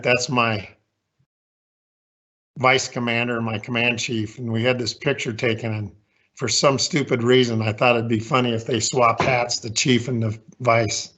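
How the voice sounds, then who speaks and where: Folksy older man, bright edgy voice. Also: medium pitch, highs cut off. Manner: candid, folksy, self-deprecating. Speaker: guest speaker. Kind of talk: leadership talk with slides.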